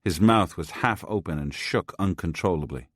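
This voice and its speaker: Male audiobook narrator, very deep voice, measured first-person storytelling, dry close sound. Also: dry recording.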